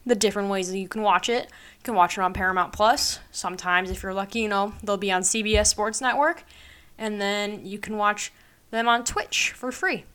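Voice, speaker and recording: A young woman in her late teens or early twenties talks through her podcast in a loose, upbeat ramble, filling gaps with ums and likes. Her voice is smooth and clear, sitting at an ordinary middle pitch. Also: fairly bright tone. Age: young adult. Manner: rambling, upbeat, lots of fillers and laughs. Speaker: podcast host. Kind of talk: casual solo podcast chat.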